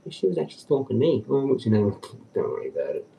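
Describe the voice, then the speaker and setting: A man rambles on a casual livestream, restless and swearing, sometimes muttering low and sometimes rising sharply. His voice is dark and mellow, a bit low, and it sounds distant from the microphone. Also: big pitch swings, brisk, gravelly, slight background noise. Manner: rambling, agitated, swearing often, mutters low then jumps high. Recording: distant from the mic.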